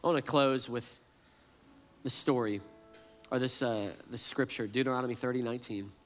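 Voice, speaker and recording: A man's voice: medium pitch, fairly even intonation, normal speed, a bit bright, faint music behind. A man preaching a sermon as pastor, earnest and often repeating words as he restarts a thought. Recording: long reverb, as in a large hall.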